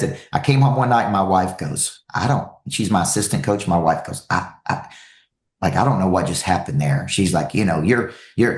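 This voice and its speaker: Speaking as a coach, a low-pitched man gives a motivational talk to an audience in a roomy-sounding space. He tells stories with lively energy and repeats phrases for emphasis.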